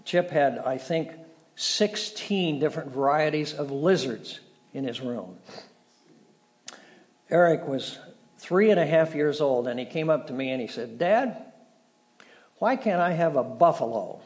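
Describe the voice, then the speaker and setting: A middle-aged male pastor preaching a sermon, telling stories with dramatic shifts between loud and soft. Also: mid-range voice, measured pace, long pauses. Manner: storytelling, dramatic shifts in volume.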